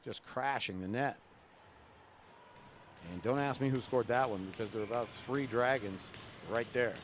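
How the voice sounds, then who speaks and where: A man doing relaxed, chatty live play-by-play of a college women's hockey game at a rink. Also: medium pitch, moderate pace, a little hiss or hum. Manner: relaxed, chatty, jokes with the camera person between plays. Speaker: play-by-play announcer.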